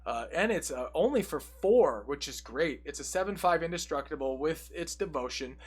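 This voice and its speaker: A young man casually walking through a card game deck, reading each card's text aloud and adding quick, jokey asides. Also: a little high, lively intonation, husky. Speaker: deck tech presenter.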